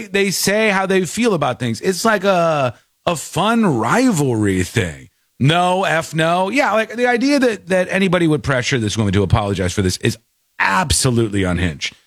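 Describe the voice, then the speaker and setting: A man's voice: sits high, a bit bright, no echo, clean studio sound. A man hosting a talk show, commenting in a mocking, exasperated way. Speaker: show host.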